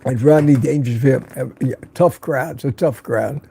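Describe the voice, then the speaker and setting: A man's voice: mid-range voice, moderate pace, creaky, mellow, husky. An older man hosting a casual livestream from Florida, reading viewer comments aloud and teasing them in a chatty way. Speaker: livestream host. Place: home in Florida.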